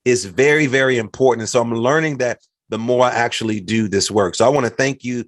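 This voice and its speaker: A middle-aged man from the United States hosting a podcast, talking in a lively way and acting out what others said. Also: mid-range voice, fairly quick, no room sound, clean studio sound. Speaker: podcast host. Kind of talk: casual conversation.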